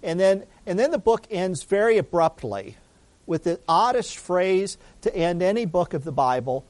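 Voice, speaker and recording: Pastor, male, sermon delivery, chatty storyteller, slightly high voice, dry close recording. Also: sing-song, moderate pace, a little mellow, no room sound. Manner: storytelling, conversational, with restarts and asides.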